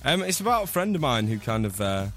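A young man from Scotland, a singer guest, chatting in a radio interview with a slightly hoarse voice from flu, rambling and laughing often. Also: mid-range voice, very animated, fast, fairly bright tone. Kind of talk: casual radio interview chat. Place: radio studio.

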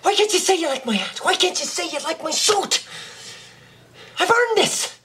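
A man's voice: very high voice, big pitch swings, moderate pace, pushed and bright, heavily acted. An actor playing a brash young man in a film clip, speaking with a put-on Irish accent and pleading insistently. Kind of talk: film dialogue.

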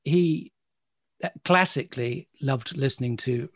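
A man's voice: mid-range voice, takes it slowly, no echo, clean studio sound. A man hosting an interview, asking thoughtful, hesitant questions. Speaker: host. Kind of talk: interview conversation.

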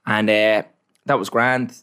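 A man's voice: fairly low pitch, level tone, slow pace, a bit bright, clear, resonant tone. A young Irish man hosting a podcast, telling stories casually, swearing freely and bantering. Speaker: podcast host. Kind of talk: casual chat, storytelling.

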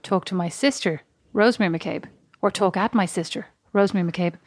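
A woman's voice: mid-range voice, a little fast, no echo. Dry, sarcastic woman co-host. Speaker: podcast co-host. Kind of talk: casual chat.

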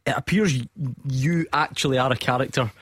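A man's voice: medium pitch, brisk, slightly rough. A man hosting a sports phone-in on the radio, chatty and upbeat. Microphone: studio microphone.

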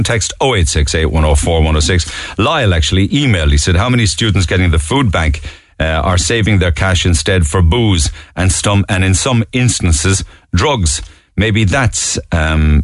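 A middle-aged man with a Cork Irish accent hosting a radio phone-in, chatty and relaxed. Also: low-pitched, no room sound. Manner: chatty, relaxed, laughs easily. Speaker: radio talk show host. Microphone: studio mic.

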